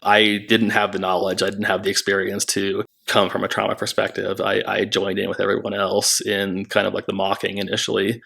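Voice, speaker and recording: A man who worked at a treatment center tells a story candidly, in a halting, reflective way with many restarts. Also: lowish voice, monotone, vocal fry, pushed and bright, breathy edge. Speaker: former treatment center staff member.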